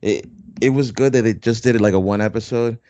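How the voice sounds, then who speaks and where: Man, low voice, rambling podcast host, dull dry lo-fi recording. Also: fast talker, warm tone, no echo. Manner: rambling, laughs often, many fillers. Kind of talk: casual chat.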